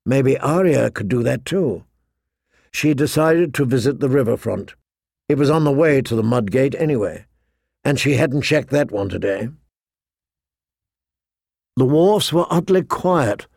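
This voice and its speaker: A man narrating a fantasy audiobook in a steady, measured storytelling voice. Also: medium pitch, creaky, dry recording, clean studio sound.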